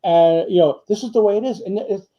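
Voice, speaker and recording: A man's voice: high voice, fairly quick. An older man, a retired firefighter, telling long anecdotes in a casual interview, full of fillers and quoted dialogue. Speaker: retired firefighter and author, guest. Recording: muffled lo-fi audio.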